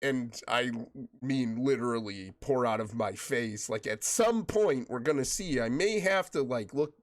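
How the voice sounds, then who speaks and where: An animated man at medium pitch, talking a little slowly. In casual chat while gaming on stream, he jokes and greets his viewers by name. He's getting over a chest cold, which makes him cough.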